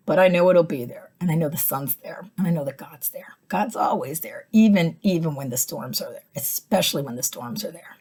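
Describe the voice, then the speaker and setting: Low husky-voiced woman giving a devotional talk. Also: lively intonation, a little fast, few pauses. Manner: soft-spoken and reflective, with many "you know" fillers. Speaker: host of a weekly inspirational message.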